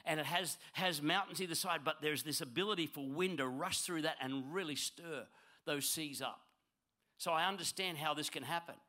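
A man preaching a sermon, swinging from loud, emphatic lines to hushed ones. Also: a little high, normal speed. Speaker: pastor.

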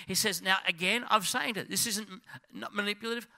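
A middle-aged male pastor preaching a sermon in a church, swinging between loud urging and hushed, intense passages. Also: high voice, fairly quick, creaky, few pauses.

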